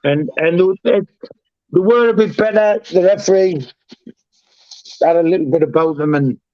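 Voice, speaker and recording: A middle-aged man, hosting and recalling football days in halting, repetitive casual chat. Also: high-pitched, dry recording. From North East England. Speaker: show host and former player. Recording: dry, muffled lo-fi sound.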